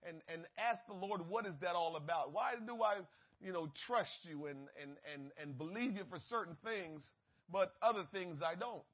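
A male pastor preaching in an easy, conversational way, his somewhat high voice rising on emphasis. He often doubles back and repeats words. The audio is dull and lo-fi. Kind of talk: sermon.

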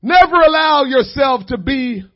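High-voiced man preaching with fervor. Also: expressive, unhurried. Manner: impassioned, swings from hushed to shouting. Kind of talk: sermon. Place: church. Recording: dull lo-fi church recording.

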